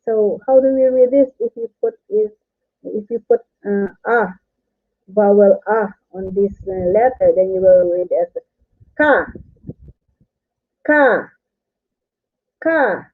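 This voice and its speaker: A woman's voice: mid-range voice, steady tone, a little slow. A woman teaching on a live stream, patiently repeating each syllable several times. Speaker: language teacher. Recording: tinny phone-like audio.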